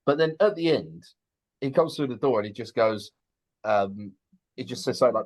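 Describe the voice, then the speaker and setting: A young man co-hosting a podcast in casual chat, halting and repeating words, often laughing. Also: on the low side, a little mellow. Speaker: podcast co-host.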